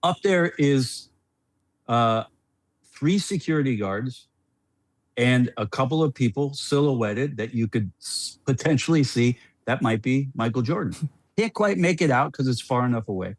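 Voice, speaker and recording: Animated man telling a rambling story, dry sound. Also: medium pitch, a little slow, no echo. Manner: rambling and animated, with frequent restarts and laughs. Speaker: podcast guest, former NBA player. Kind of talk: casual storytelling on a podcast.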